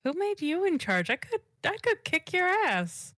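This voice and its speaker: A woman's voice: very high voice, big pitch swings, a little slow, a bit bright, no room sound. Brash slangy woman roleplaying a player. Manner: brash, slangy valley-girl talk. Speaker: tabletop game player. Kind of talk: in-character roleplay.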